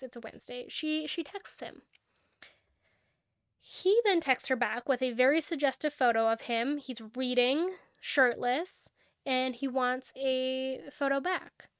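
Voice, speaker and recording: A young woman with a high, smooth, resonant voice chats through a book recap for her podcast. She tells the story animatedly, dropping into snappy quoted dialogue as she goes. The sound is dry and close, with no room around it. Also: a bit bright, dry recording. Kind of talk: casual book recap chat.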